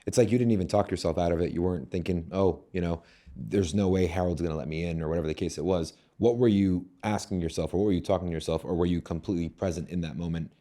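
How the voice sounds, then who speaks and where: A man with a very low, dark, mellow voice hosts the interview. He asks probing, inquisitive questions about how his guest handles people. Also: fast. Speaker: podcast host.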